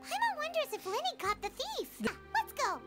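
A tiny, squeaky, chirpy companion creature. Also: female voice, big pitch swings, moderate pace, loud music behind the voice. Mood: excited. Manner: eager, chatty, refers to itself in third person. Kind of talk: video game voice acting.

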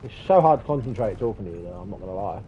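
A young man, streaming a game live and loudly teasing a teammate with plenty of swearing and mock outrage. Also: lowish voice, lively intonation, very fast, lo-fi sound, a little hiss or hum. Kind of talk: live gaming stream banter.

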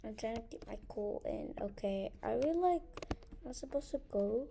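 A woman's voice: on the high side, animated, moderate pace, gravelly, background noise. A woman giving let's play commentary, jumpy and easily scared, gasping and muttering to herself as she plays. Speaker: gamer.

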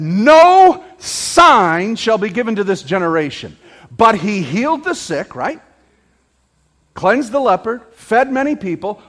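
Animated high-voiced male preacher in a hall. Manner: animated preaching with rhetorical questions to the congregation; raises voice to near shouting at peaks. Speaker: pastor. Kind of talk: sermon. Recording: long hall reverb.

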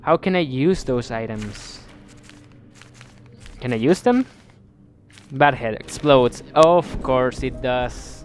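Slow, bemused man narrating his gameplay. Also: medium pitch, soft background music. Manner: bemused, thinking aloud, frequent restarts. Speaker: gameplay commentator. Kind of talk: let's play commentary.

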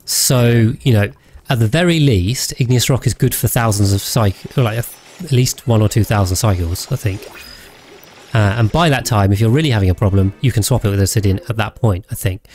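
A man's voice: lowish voice, moderate pace, a little mellow, slight background noise. A man rambling casually as he streams a game, thinking aloud and thanking his viewers. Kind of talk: casual gameplay livestream chat.

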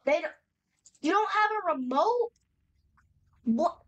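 A woman's voice: extremely high pitch, animated, takes it slowly, fairly bright tone, poor audio. A young woman casually commenting as she plays a horror game, chatty and nervous, reacting aloud with slang. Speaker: gamer playing a horror game. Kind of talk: casual let's-play commentary.

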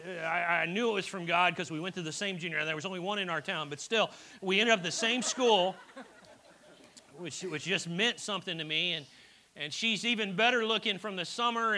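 A man's voice: high voice, pushed and bright. A middle-aged man preaching a sermon in a church, telling personal stories in a chatty way with frequent restarts and stammers. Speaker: pastor.

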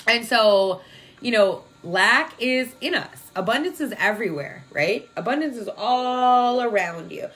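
A woman's voice: on the high side, animated, measured pace, a bit bright. A woman talking casually to her viewers about energy and feelings, chatty and affectionate, often checking in with "right?". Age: adult with a young daughter. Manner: chatty, full of "like" and "right?", affectionate toward listeners. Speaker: spiritual vlogger. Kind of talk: casual spiritual talk to viewers.

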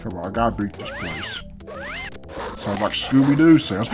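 Very animated in a lowish voice, a man provides casual let's-play commentary at a normal speed while music plays in the background. It's early in the morning and he's half asleep, swearing constantly and complaining about the game.

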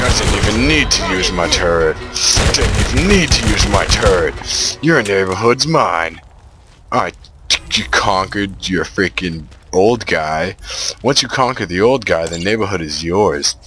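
A man commentating on his own shooter gameplay, excitable and trash-talking the enemies. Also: sits low, unhurried, over loud music. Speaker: gamer playing a shooter. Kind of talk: let's play commentary.

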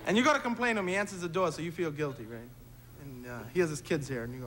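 High-voiced man doing stand-up. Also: big pitch swings. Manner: fast, punchy storytelling with tag lines. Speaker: stand-up comedian. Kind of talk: stand-up comedy routine. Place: theater stage before a live audience. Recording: noisy 1970s TV stage recording with roaring crowd. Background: loud audience laughter.

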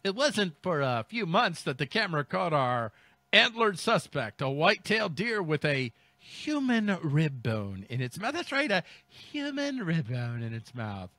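A man hosting a comic news segment, his voice swinging widely in pitch. The tone is bright and sharp, recorded dry and close. He reads headlines, then mocks them in loose riffs. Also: very animated, a little slow, no room sound. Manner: mocking, riffing, reads then ad-libs. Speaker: comedy news host. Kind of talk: comic commentary on news stories.

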